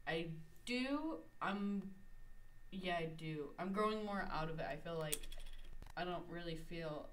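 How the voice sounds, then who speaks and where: A woman's voice: lowish voice, animated, unhurried. A young woman chatting casually as a podcast co-host, laughing often and filling with "like" and "um". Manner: laughing often, many fillers. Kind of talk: casual chat. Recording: a bit distant from the mic, faint noise.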